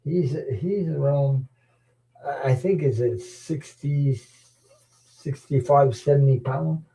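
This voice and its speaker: A man's voice: on the high side, takes it slowly, dark tone, low-quality recording. A middle-aged man chatting casually as host of a live stream, rambling and chuckling, often repeating words. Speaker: tarot channel host. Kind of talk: casual chat.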